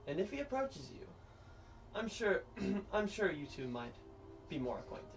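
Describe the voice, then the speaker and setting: A man's voice: sits high, sing-song, unhurried, voice pushed up, full character voice. A man voicing Sir Pudgemore, a pompous portly nobleman, in a stiff formal manner. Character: pompous portly male noble, flustered suitor. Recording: distant mic, faint noise.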